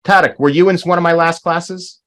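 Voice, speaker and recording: A man's voice: fairly high pitch, fairly even intonation, a little fast, a bit bright. A man teaching a language class over a video call, explaining patiently and checking in with "right?".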